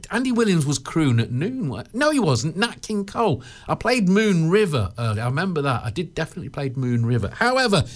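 A man with an English accent presenting a local radio show, in chatty, jokey banter that rambles and stumbles over repeated words. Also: high-pitched.

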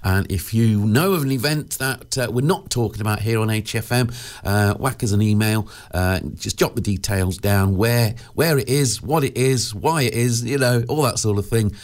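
A man presenting a local radio show in casual, rambling chat, full of 'uh' fillers and restarts, joking and laughing at his own asides. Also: lowish voice. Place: radio studio.

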